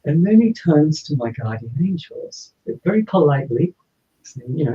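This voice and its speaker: A man, a podcast guest, telling a personal story in an animated way and acting out the dialogue. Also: a little high, moderate pace. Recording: slightly dull lo-fi audio.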